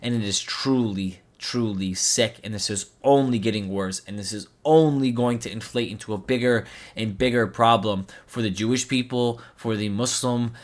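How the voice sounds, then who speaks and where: A man's voice: on the low side, normal speed. A man hosting a commentary channel, giving an impassioned, preachy monologue full of repetition.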